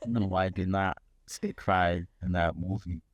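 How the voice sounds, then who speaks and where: A man's voice: low-pitched, flat delivery, a little slow, no room sound, dull audio. A man in his late teens co-hosting a casual podcast chat, joking and defensive. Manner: playful, defensive, jokey. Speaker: podcast co-host.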